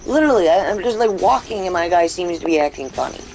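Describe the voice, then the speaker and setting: A man's voice: sits high, animated, fast, creaky, a little mellow, slight background noise. A man giving let's play commentary, ranting and rambling with lots of fillers, restarts and swearing. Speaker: gaming channel host.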